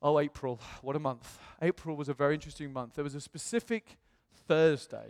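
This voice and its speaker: A man preaching, telling a personal story with animated delivery and self-mocking humor, acting out what others said. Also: a little high, a little fast. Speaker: pastor. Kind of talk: personal testimony sermon. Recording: long reverb in a hall.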